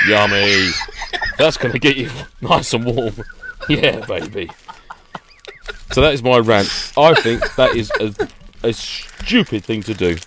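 A man's voice: mid-range voice, noisy background. A man co-hosting a podcast, ranting with laughter in a casual chat. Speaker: podcast co-host.

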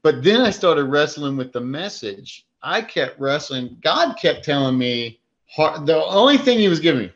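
A man's voice: fairly high pitch, animated, moderate pace, fairly bright tone, dull audio. A man who preaches, telling a story in a casual faith chat, acting out his own thoughts with many fillers.

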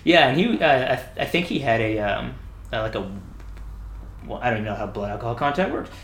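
Animated man telling rowdy service stories. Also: mid-range voice, fairly quick, slight background noise. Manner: animated, acts out quoted people, swears freely, laughs often. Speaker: Navy veteran telling stories. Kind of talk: casual storytelling chat. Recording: echoey room.

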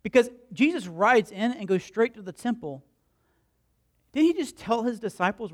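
High-voiced pastor preaching animatedly. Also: male voice, moderate pace. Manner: animated storytelling, acts out voices and crowd quotes; conversational, asks the congregation questions. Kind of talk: sermon.

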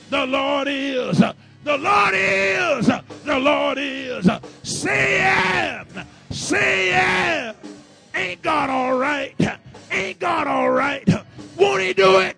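A man's voice: very high-pitched, gravelly, sharp tone. A man preaching a sermon, fervent and rhythmic, with repeated phrases and call-and-response to the congregation.

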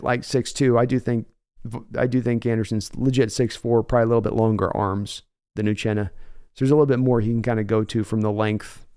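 Male stream host, mid-range voice, smooth and clear, chatty with viewers. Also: medium pitch, darkish tone. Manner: chatty, answers viewers by name. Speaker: sports podcast host reading chat. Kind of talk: casual live-stream chat.

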